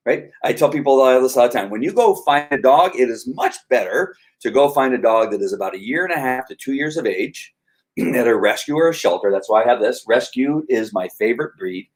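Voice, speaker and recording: A middle-aged man explains dog behavior in a relaxed teaching style, at a medium pitch for a man. He keeps breaking into quick acted-out voices for dogs and people, and his delivery is loose and animated. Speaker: dog trainer. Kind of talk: casual whiteboard teaching.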